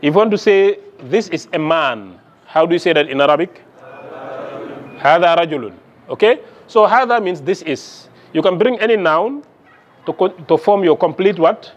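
A man's voice: high voice, lively intonation, moderate pace, lo-fi sound. A man lecturing on Arabic to a class, asking the students questions and checking their understanding with frequent "okay?" along the way. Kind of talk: classroom lesson.

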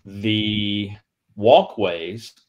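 A man on a video call telling a halting, rambling anecdote about a museum ship, with many restarts. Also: on the low side, dull audio. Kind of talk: livestream storytelling. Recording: video call audio, feed breaking up.

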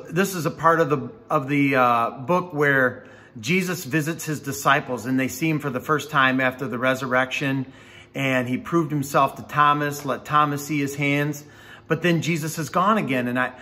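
A man, a campus pastor, giving a devotional Bible teaching in a conversational, animated storytelling way. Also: a little high.

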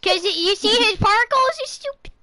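A woman's voice: very high voice, animated, brisk. Squealing, giggly streamer girl. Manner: shrieking, giggly, shouting in-game lines. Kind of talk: excited game role-play chat. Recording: loud background noise.

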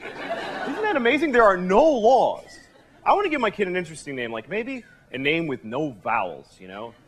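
A man performing a stand-up comedy set on a club stage, talking in a deadpan conversational way with sudden yelps. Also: high voice, normal speed, breathy edge. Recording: live club recording, audience and room noise.

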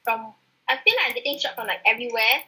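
Bright high-voiced woman gamer complaining. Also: quick pace, poor audio. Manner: complaining, animated, mock-formal phrasing. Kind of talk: casual gaming chat.

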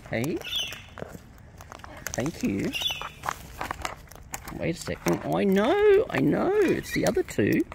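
Woman, bird keeper, slow unhurried baby talk to pets, fry in the voice, heavy background noise. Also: fairly low pitch, wildly swooping pitch. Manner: cooing, sing-song baby talk to birds. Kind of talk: casual talk to pet birds. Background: birds squawking and honking.

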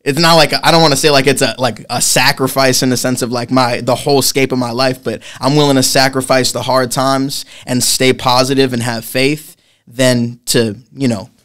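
A man's voice: medium pitch, steady tone, normal speed, a bit bright, clear, resonant tone. A man in his twenties from Massachusetts, a podcast guest talking in a rambling, casual way, full of restarts. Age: 20s. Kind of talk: casual chat.

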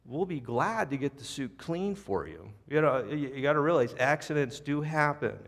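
A man's voice: fairly high pitch, lively intonation, moderate pace, fairly bright tone. A man playing a polite young restaurant manager who speaks soothingly and apologetically, in a reverberant church. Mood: apologetic.

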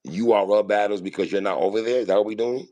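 A man's voice: lowish voice, fast, dark tone. A man, arguing back in an exasperated way and swearing casually during a live audio-room talk. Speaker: battle rap show host.

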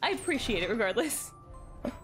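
A young woman streaming a game, chatting casually and excitably with her chat, giggling often. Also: fairly high pitch, fairly quick, faint music behind.

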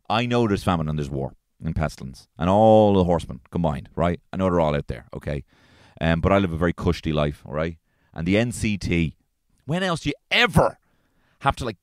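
Irish guy ranting in his car, lowish voice that swings all over, dry close sound, lots of swearing. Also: no room sound. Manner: profane, exasperated ranting. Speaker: podcast host. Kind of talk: solo comedic podcast rant. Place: inside his parked car.

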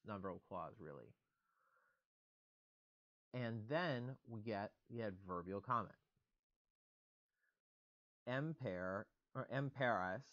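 A man's voice: fairly low pitch, fairly bright tone, dull audio. A man giving a recorded online lecture, explaining grammar step by step in a methodical way with casual fillers.

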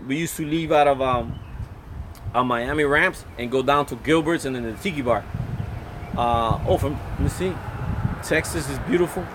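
A man's voice: mid-range voice, lively intonation, normal speed, background noise. A middle-aged man hosting a casual live stream from his phone, rambling and reading out viewer comments. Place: Florida.

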